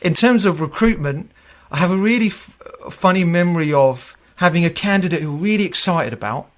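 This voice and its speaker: This man, a tech recruiter in his thirties, chats his way through interview stories, laughing a lot and voicing the people he quotes. He speaks briskly in a high voice with lively intonation.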